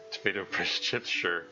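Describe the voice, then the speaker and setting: A man's voice: low-pitched, sharp tone, dull audio. Rambling, chuckling male streamer. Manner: rambling, laughing, many restarts. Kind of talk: live-stream game commentary.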